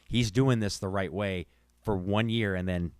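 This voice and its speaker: A man's voice: fairly low pitch, steady tone, measured pace, a little mellow, dry recording. A man co-hosting a podcast in casual chat, loose and profane, laughing easily. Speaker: podcast co-host.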